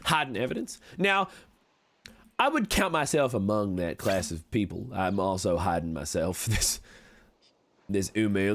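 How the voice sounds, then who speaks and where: A man's voice: on the low side, fairly bright tone, voice pushed down. A man playing a slick cowboy conman in a game roleplay stream, speaking in a put-on American Western drawl with folksy, wheedling salesman patter. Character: slick smooth-talking cowboy conman, adult male.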